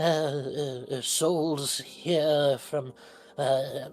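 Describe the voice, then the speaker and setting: A woman voicing a nervous, hunched old female pie peddler who stammers in a high, sweet voice. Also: a little mellow, husky, heavily acted. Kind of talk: tabletop role-play.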